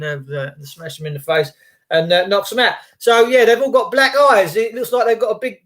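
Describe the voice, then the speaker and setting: A man's voice: high voice, a bit bright. A middle-aged man rambling on a morning livestream, greeting viewers by name and swearing casually. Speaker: livestream host.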